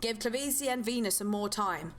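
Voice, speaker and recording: A woman's voice: on the high side, expressive, fairly quick, faint music behind, close to an everyday voice. A woman streamer voicing a poised, courteous noblewoman, speaking in a composed and formal way.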